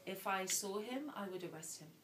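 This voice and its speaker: A woman's voice: medium pitch, expressive, normal speed, noisy background. A woman giving an earnest, emotional personal talk as an invited speaker at a dinner. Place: indoor dinner hall. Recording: roomy sound from a distant mic with faint ambience.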